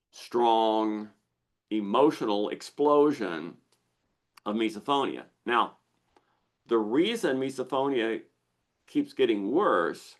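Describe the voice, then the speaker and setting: A man's voice: mid-range voice, fairly bright tone. Man explaining as Q&A host. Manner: repeats phrases, acts out quotes. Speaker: misophonia therapist hosting a Q&A. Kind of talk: explanatory Q&A talk.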